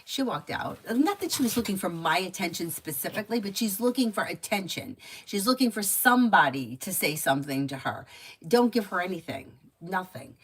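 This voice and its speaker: A woman's voice: mid-range voice, animated, brisk, breathy edge, rough recording. A woman giving tarot readings on a casual live stream, chatty and advice-giving, with lots of filler words. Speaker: tarot reader.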